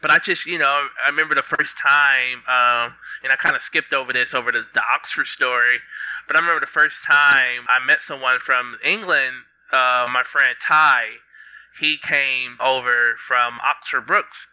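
A young man telling stories as a podcast guest in a lively, laughing way, often acting out what people said. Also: medium pitch, moderate pace, clear, resonant tone, dry recording, poor audio. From United States. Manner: animated, laughing often, acts out quotes. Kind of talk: casual storytelling.

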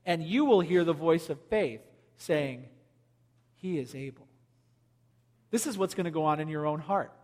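A man with a high-pitched voice preaches to his congregation and tells the story with energy. He jokes with the crowd between points. His voice rings out with a long reverb, as in a large church sanctuary. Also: lively intonation, moderate pace, a little mellow. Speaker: pastor. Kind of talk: sermon.

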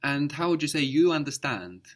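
A man's voice: fairly high pitch, sing-song, normal speed. A man teaching a spoken language lesson, patiently explaining and modeling each word carefully.

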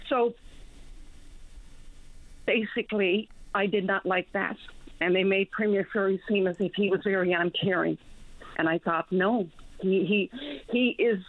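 Woman caller, earnest and rambling, gravelly voice, tinny dry phone line. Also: medium pitch, dry recording. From Newfoundland. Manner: earnest, rambling storyteller with many restarts. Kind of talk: call-in radio talk.

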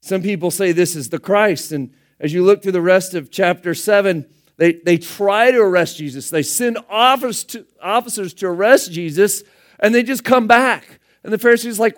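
High-voiced man preaching casually. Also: normal speed. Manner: conversational preaching that acts out the dialogue of scripture in casual voices. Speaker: pastor. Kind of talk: sermon.

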